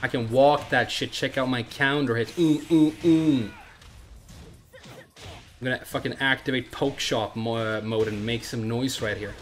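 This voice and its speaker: A man's voice: medium pitch, steady tone, fairly bright tone, soft background music. Stuffy-nosed trash-talking streamer man. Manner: profane, trash-talking, quick asides. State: congested from a cold. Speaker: game streamer. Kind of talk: casual gameplay stream commentary.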